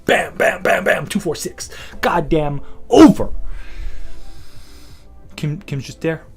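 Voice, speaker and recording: A man's voice: fairly high pitch, takes it slowly, gravelly, husky, faint music behind. A man hosting a comedy podcast, riffing in a rambling, profane, swaggering way. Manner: profane, animated, swaggering storytelling. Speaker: podcast host.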